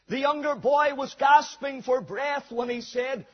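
Male preacher, sermon, high voice, husky, long hall reverb, dull lo-fi recording. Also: unhurried, few pauses. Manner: reads scripture aloud then tells a story.

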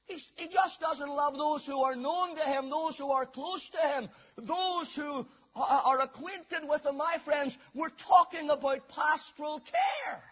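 A man preaching a sermon with emphatic delivery, rising to shouts and dropping to quiet asides. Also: very high voice, measured pace, few pauses. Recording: dull lo-fi sermon recording.

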